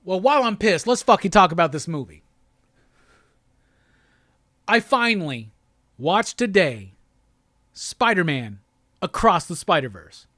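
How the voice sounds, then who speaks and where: A man's voice: high voice, a little slow, long pauses, no echo, studio quality. Profane ranting male stream host. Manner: profane, ranting, animated and exasperated. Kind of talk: live-stream rant.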